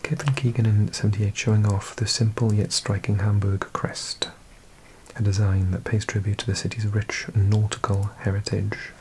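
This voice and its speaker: A man with a Welsh accent, hosting an ASMR video and reading aloud in a slow, hushed mix of whisper and soft speech. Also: on the low side, flat delivery, slight background noise, rough recording. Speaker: ASMR host.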